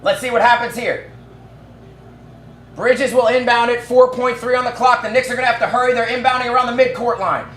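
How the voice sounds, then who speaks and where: High-voiced male play-by-play caller. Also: roomy sound, slight background noise. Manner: rapid excited calls that rise to shouting at big plays. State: out of breath. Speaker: fan play-by-play commentator. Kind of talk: live play-by-play commentary.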